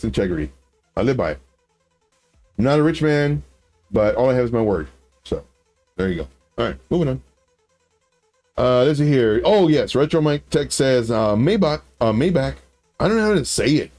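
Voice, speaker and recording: Male streamer, chatty storyteller, mid pitch, faint music underneath. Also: a little mellow. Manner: rambling, storytelling, many restarts. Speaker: livestream host. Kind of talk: casual livestream chat.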